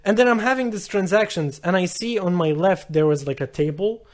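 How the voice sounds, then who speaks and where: A young man on a comedy podcast, telling a story in an animated way, laughing often and acting out the people in it. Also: sits high, a little fast. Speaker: podcast co-host.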